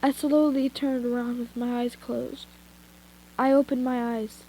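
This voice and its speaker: High-voiced young woman reading, stuffy nose. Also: level tone, measured pace, dark tone, a little hiss or hum, poor audio. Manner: giggly, self-interrupting, chatty asides. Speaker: fan fiction reader. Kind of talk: casual story reading. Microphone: headphones with mic.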